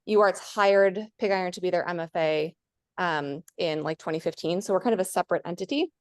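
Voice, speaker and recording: A woman who is a graduate student asking practical questions in an online teach-in, brisk with fillers. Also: lowish voice, no echo.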